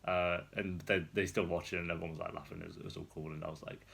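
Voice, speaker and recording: Very fast, with fairly even intonation, a young man rattles through a rambling vlog story, chatty and laughing often. His low-pitched voice is gravelly, husky and a bit bright, and he's seated indoors on a rolling chair.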